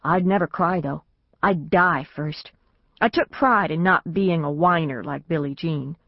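At a measured pace, a woman with a low-sitting voice narrates an audiobook novel told in the first person. Her delivery is plain storytelling, with a raised voice for the family's lines, and the studio recording is dry and slightly dull.

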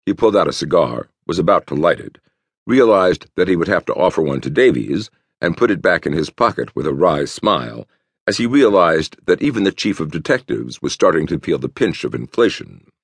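A man narrating an audiobook in an expressive storytelling manner. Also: low-pitched, fairly quick, gravelly, slightly rough, dry recording. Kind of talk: scripted narration.

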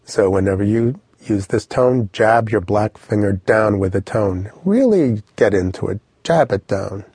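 Man, language teacher, low husky voice, dry close sound, lively storytelling. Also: a little slow, few pauses, dry recording. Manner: lively, vivid storytelling with instructions. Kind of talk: audio language lesson.

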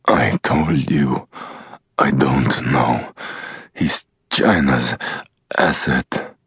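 A man voicing a defiant, foul-mouthed male ambassador held captive, speaking low and strained. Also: drawn-out words, fairly bright tone, breathy edge, dry recording, exaggerated voice.

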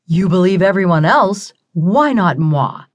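A self-satisfied talking crystal skull, put on by a woman narrator drawls its lines slowly and sprinkles in French words. The voice sits on the low side for a woman and stays chatty and pleased with itself, like a character in a read-aloud storybook. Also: expressive. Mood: smug teasing.

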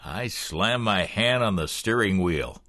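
A man narrating a thriller audiobook in the first person with expressive storytelling. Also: lowish voice, takes it slowly, no echo, clean studio sound.

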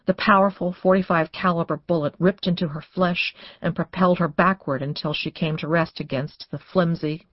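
A woman reading a suspense novel as audiobook narrator, in measured, tense storytelling. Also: sits low, no echo, muffled recording. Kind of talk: scripted narration.

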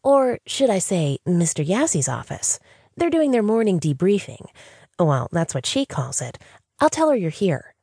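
A bubbly young receptionist with a high, bright, lively voice, as a woman narrator puts her on. She sounds eager to please, and the recording is close and dry. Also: moderate pace, breathy edge, no room sound.

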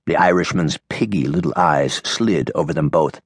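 A man narrating an audiobook in a measured, expressive way. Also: rumbling low, husky, dry recording, clean studio sound. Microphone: studio microphone.

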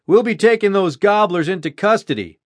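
A man's voice: sits high, lively intonation, brisk, no room sound, clean studio sound, voice pushed up. A man voicing an eager, playful young Union corporal.

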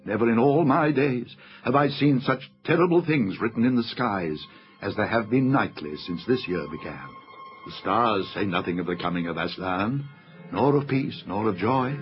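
Man doing a solemn old centaur seer, low and deep, storybook tone, slightly muffled recording. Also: lightly acted. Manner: solemn, earnest pronouncements. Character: grave old male centaur, stargazer, deep-voiced. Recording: slightly dull lo-fi audiobook recording.

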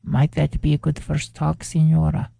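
A woman narrator voicing a gracious, soft-spoken male ranch hand with a Spanish accent, formal and gentle in his speech. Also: low voice, completely flat delivery, normal speed, creaky, no room sound, full character voice. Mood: courteous.

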